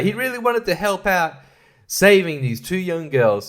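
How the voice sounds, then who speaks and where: A man's voice: high voice, very animated, moderate pace, a bit bright. A young man talks loosely through a film review, rambling and sarcastic. He laughs often and slips into mocking voices to make fun of what he describes. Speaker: podcast host reviewing films. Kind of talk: casual film review monologue.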